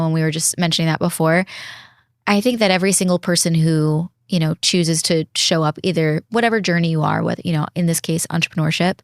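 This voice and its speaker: A woman in her thirties speaking as a podcast guest in an earnest, reflective way, slowing down to stress her points. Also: on the low side, no room sound, clean studio sound. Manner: earnest, reflective, slows down when emphasizing. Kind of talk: casual heartfelt conversation.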